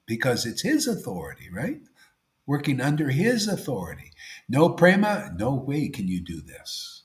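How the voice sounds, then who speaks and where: A man giving a devotional sermon in a casual way, saying 'see' and 'man', and swinging between loud emphasis and near-whispers. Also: medium pitch, huge pitch swings, moderate pace, echoey room. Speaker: spiritual teacher.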